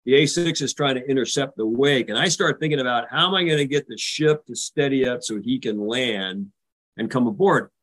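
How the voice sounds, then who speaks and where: An older American man, a retired naval officer, recounts a tense carrier landing in a vivid, animated way during a podcast interview. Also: medium pitch, brisk, poor audio. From United States. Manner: vivid, animated retelling, acting out radio calls. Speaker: guest.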